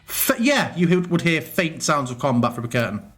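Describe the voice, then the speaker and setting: Guy gm-ing a tabletop game, kinda high voice, faint music under him. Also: big pitch swings, a bit bright. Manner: casual, quick asides, swears freely. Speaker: game master. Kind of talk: running a tabletop game online.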